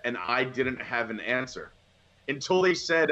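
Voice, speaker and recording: A man in casual conversation, rambling and animated as he retells scenes from a movie. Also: mid-range voice, normal speed, highs cut off. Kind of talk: casual movie review chat.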